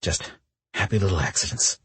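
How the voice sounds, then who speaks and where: A brash, teasing young woman from a romance audiobook, as a male narrator puts her on, her voice lifted well above his own and very breathy. She talks bluntly and playfully, with swings in pitch. The sound is close and dry. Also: animated, fairly quick, a bit bright, no room sound, heavily acted.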